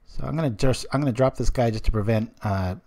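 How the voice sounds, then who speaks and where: A man's voice: mid-range voice, quick pace, warm tone. A man in his thirties streaming a card game live, chatting with viewers and wandering off into rambling asides while he plays. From United States.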